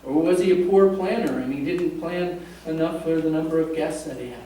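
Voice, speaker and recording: High-voiced pastor in an echoey church. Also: male voice, a little fast, mellow, slight background noise. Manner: conversational, jokes with the congregation. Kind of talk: sermon. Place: church sanctuary. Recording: echoey church from a distant mic.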